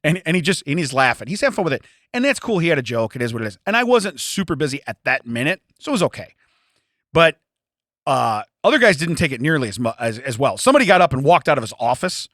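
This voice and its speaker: A man co-hosting a casual podcast, telling an animated story and acting out both sides of the conversation. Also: on the high side, fast, dry recording, studio quality. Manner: animated, swerves into quoted dialogue, self-censors swearing. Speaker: podcast co-host.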